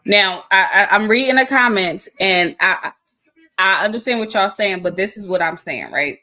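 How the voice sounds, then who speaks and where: Woman, host, bright forceful voice, emphatic, casual video-call chat. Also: medium pitch, normal speed. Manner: emphatic, asks the audience directly.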